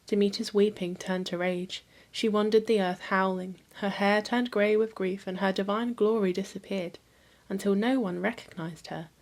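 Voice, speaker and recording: A woman hosting a history channel, reading a mythology book aloud in a calm, even storytelling manner. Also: mid-range voice, normal speed.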